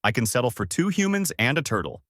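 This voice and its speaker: A man voicing a gruff, threatening armored bear bandit in a fan-made story reading. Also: mid-range voice, sing-song, fast talker, a bit bright, no room sound, clean studio sound.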